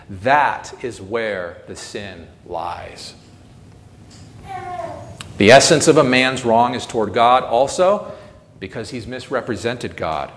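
A man's voice: lowish voice, takes it slowly, a bit bright, long reverb tail, a little hiss or hum. A man delivering a sermon in an earnest, solemn way, rising to emphatic swells. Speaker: preacher. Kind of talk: sermon reading.

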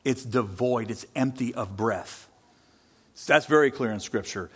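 A man's voice: medium pitch, unhurried, slightly rough. A man preaching a sermon as pastor, emphatic, asking and answering rhetorical questions. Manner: animated, rising and falling delivery.

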